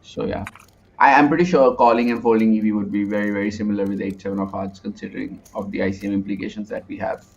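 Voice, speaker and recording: A man's voice: on the low side, flat delivery, fast, a little hiss or hum. A man with an Indian accent giving chatty, analytical live poker commentary, often restarting his sentences. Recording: muffled lo-fi sound.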